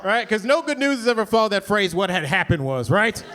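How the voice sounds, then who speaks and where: A man's voice: high-pitched, brisk. A man doing a stand-up comedy set in a club, telling a story and acting out the people in it. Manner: animated storytelling with acted-out voices. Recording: live crowd laughter.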